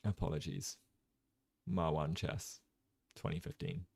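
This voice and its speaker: Brief: relaxed, low-voiced man hosting a casual chess livestream, lots of ums, dry close sound. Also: unhurried, vocal fry, breathy edge, dry recording. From Jersey. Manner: relaxed, chatty, many ums, reads chat aloud. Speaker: chess streamer and commentator.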